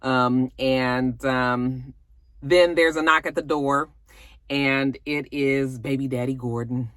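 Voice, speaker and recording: A woman's voice: very deep voice, fairly even intonation, slow pace, a bit bright, no echo. A woman hosting a casual vlog, recapping a TV episode in a chatty way with plenty of asides. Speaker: vlog host reviewing a TV episode.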